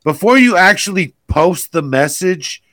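A man co-hosts a comedy podcast and banters crudely with his friends. His voice sits a bit high and sounds dry and close. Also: lively intonation, unhurried, pushed and bright, dry recording. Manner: crude, joking. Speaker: podcast co-host.

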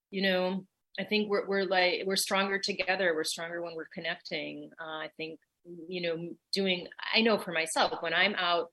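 A woman's voice: lowish voice, bright, forceful tone. A woman who runs a dance company, a guest on a radio show, talking in an enthusiastic, playful way. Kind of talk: casual radio interview.

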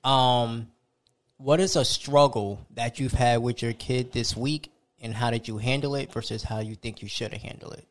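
A man hosting a casual podcast, asking his guest questions in a relaxed way with fillers. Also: mid-range voice, moderate pace. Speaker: podcast host.

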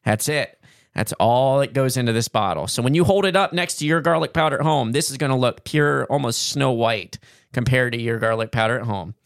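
A man co-hosting a podcast, chatting casually and reading an upbeat sponsor pitch. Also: a little fast, smooth, no echo, studio quality. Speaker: podcast co-host. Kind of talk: casual chat and sponsor read.

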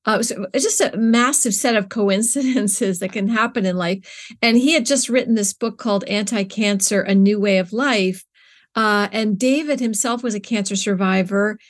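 This is a conversational interview featuring a middle-aged woman who co-founded a nonprofit. At a moderate pace and mid-range pitch, she speaks earnestly and searchingly, restarting her sentences with fillers again and again.

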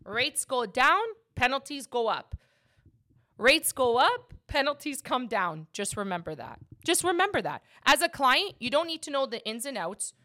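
A woman's voice: high-pitched, animated, unhurried, bright, forceful tone. A woman who works as a mortgage agent and hosts a podcast, talking casually and emphatically about her work.

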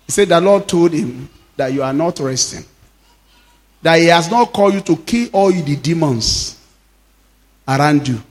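A Nigerian pastor in his fifties preaching a sermon as an animated storyteller, laughing often and dropping Yoruba phrases into his English. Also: fairly high pitch, a little slow, long pauses. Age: 50s.

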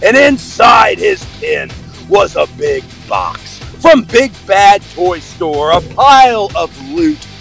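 A man voicing a hyper toy-collector who brags about himself in the third person, shouting and excitable, with crude jokes. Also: sits high, slow, creaky, faint music behind, full character voice. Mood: excited. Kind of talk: comedy call-in bit.

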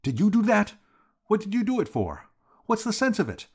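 A man voicing a frantic, rattled young gentleman in an audiobook reading. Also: medium pitch, very animated, normal speed, slightly rough. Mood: frantic, rueful.

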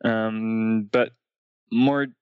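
A man, a UI engineer and podcast guest, talking thoughtfully with many pauses. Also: fairly low pitch, fairly even intonation, clear, resonant tone, dry recording. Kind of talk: casual tech interview. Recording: dull, lo-fi dry remote mic.

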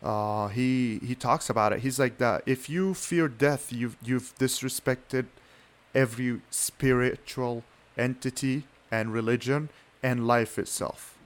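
Young dude rambling on a podcast, says you know constantly, swears, average pitch. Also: male voice, steady tone, unhurried. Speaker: podcast co-host. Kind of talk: casual chat.

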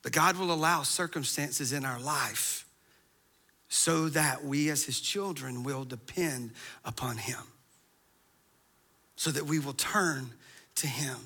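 Male pastor, high and very bright voice, sermon that swells into passionate crescendos. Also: slow, long pauses, breathy edge. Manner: preaching, building to impassioned crescendos; conversational asides, then fervent.

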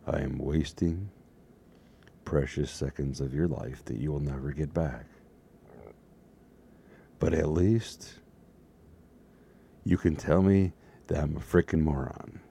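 A man talking alone to his webcam in a rambling, self-mocking way, with a slightly hoarse voice. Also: very deep voice, slow pace, long pauses, warm tone. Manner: self-mocking, jokey, drifts between topics. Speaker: solo vlogger. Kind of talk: rambling casual monologue to camera. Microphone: desk setup facing a webcam.

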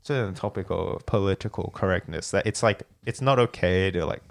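A man hosting a casual chat, telling stories in an animated way and laughing often. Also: brisk, vocal fry. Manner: animated storyteller, laughs often, jumps up in pitch when excited. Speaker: podcast host.

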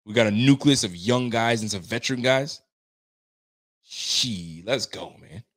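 A man with a fairly low pitch speaks a little slowly while hosting a live stream. He reads viewer comments aloud, chats with fans in slang, curses openly, and winds himself up with excitement.

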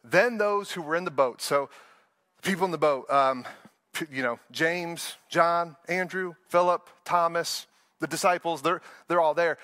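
Guy pastor preaching, kinda high voice, talks casual and earnest, laughs a lot, dry close sound. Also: measured pace, sharp tone, dry recording. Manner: earnest, conversational preaching with frequent laughs and restarts. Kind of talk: sermon.

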